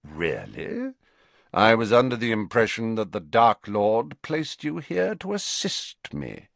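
A man voicing a cold, sneering wizard who speaks slowly, lazily and silkily with a mocking edge, in a storybook reading. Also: lowish voice, wildly swooping pitch, creaky, a bit bright, no echo, heavily acted. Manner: slow, lazy, silky, mocking.

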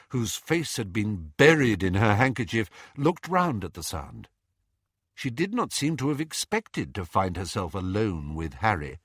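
A male audiobook narrator with a theatrical, measured delivery. His voice sweeps widely up and down as he reads. It is recorded close and dry. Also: breathy edge, no room sound. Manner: highly expressive, theatrical reading. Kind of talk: storybook narration.

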